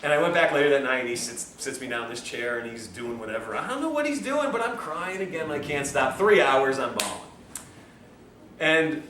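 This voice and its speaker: A man's voice: mid-range voice, fairly bright tone. A man giving a health lecture, telling a personal story in a conversational way and acting out the dialogue. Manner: conversational, acts out quoted dialogue. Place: lecture room at a health institute. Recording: echoey room from far off, faint hiss.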